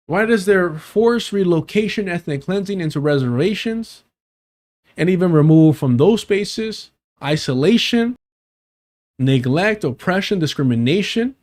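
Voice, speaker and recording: A man's voice: sits high, darkish tone. A man hosting a reaction commentary, ranting incredulously and swearing a lot. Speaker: commentary channel host.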